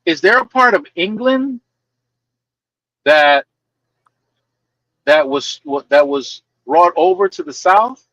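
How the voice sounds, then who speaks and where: Lively guy hyping up a story, bouncy pitch, dry close sound. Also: slow, long pauses, no echo, highs cut off. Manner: animated storyteller, emphatic and teasing. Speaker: livestream co-host. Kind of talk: casual chat.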